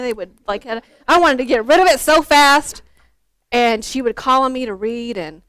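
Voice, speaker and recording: A woman's voice: a little high, normal speed, a bit bright, dry recording. A woman, a former school counselor, leading a teacher workshop in a conversational, storytelling way with fillers and restarts.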